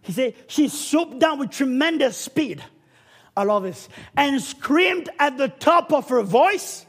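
A man preaching a sermon, with dramatic swings that build up to shouting. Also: very high-pitched, lively intonation, takes it slowly.

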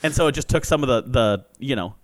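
A young man chatting casually on a podcast, rambling through childhood stories with quick laughs. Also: mid-range voice, no room sound. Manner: rambling storytelling with acted quotes and laughs. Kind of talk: casual chat.

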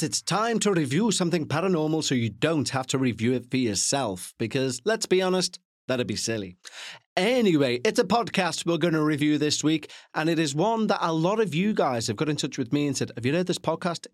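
A man's voice: on the high side, sing-song, a little fast, no room sound, clean studio sound. A man hosting a podcast, chatting casually and rambling through asides, with the odd swear. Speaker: podcast host. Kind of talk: casual chat to listeners.

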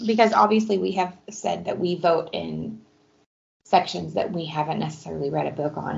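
A woman's voice: lowish voice, creaky, darkish tone, lo-fi sound. A woman co-hosting a podcast, chatting casually and bluntly about books. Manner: blunt, opinionated. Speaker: podcast co-host. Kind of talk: casual book chat.

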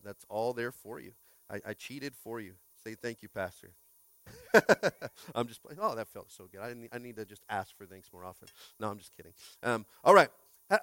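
Casual joking pastor, smooth close voice. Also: male voice, medium pitch, a bit bright, no echo. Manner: chatty, joking, lots of fillers and restarts. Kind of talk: casual sermon with crowd interaction. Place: church sanctuary.

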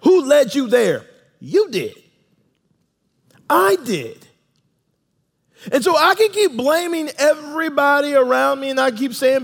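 High-voiced preacher in a reverberant hall. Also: male voice, expressive, unhurried, creaky. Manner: emphatic preaching with call and response to the congregation. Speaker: pastor. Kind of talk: sermon. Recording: long reverb of a large room.

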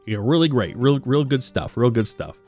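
A man's voice: mid-range voice, animated, brisk, darkish tone, soft background music, lightly acted. A man doing a chummy bald gnome. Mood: praising. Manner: repetitive, back-patting praise.

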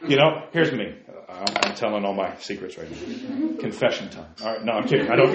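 A man's voice: fairly low pitch, lively intonation, normal speed, roomy sound, highs cut off. A man preaching a sermon as pastor, talking in a conversational way and asking the congregation questions.

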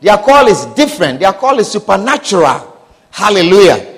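High-voiced man preaching with lively pitch. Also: moderate pace. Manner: impassioned, repetitive, calls out hallelujah and amen. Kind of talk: sermon.

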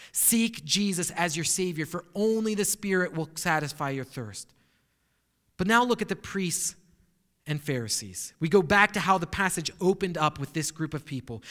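Male pastor, high sharp voice, emphatic sermon delivery with rhetorical questions, long hall reverb.

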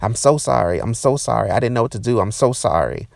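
A man voicing a flustered woman bystander who keeps apologizing frantically, in a raised pitch. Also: lively intonation, fast, gravelly, no echo, clean studio sound. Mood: frantic.

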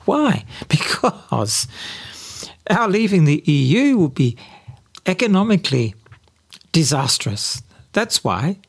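A man's voice: a little high, very animated, unhurried. A man from Britain giving spoken political commentary, sardonic in tone, mocking opponents through quoted voices, with some slips and repeated words.

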